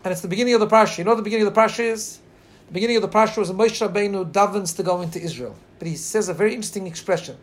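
Male Torah teacher, high-pitched, earnest storyteller who drags out quoted lines and stops to find his place. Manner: pauses to share screen and look up text. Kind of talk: Torah class.

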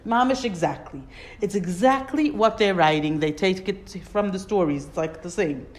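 A woman's voice: medium pitch, moderate pace. Woman teaching a Torah text class. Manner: explains texts, reads Hebrew phrases and translates them, asks questions.

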